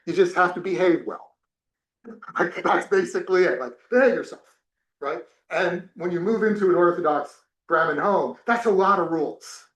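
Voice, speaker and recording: Man, from New Jersey, professor, classroom storytelling, fairly high voice, echoey room. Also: normal speed, dull audio. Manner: animated storytelling with many restarts. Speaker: religion professor. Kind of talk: classroom talk with personal stories. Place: temple classroom.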